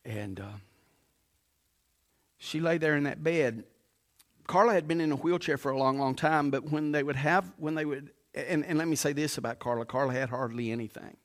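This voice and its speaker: Male pastor, middle-aged, fairly high voice, preaching with storytelling restarts and emphatic pushes. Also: moderate pace. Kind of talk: sermon.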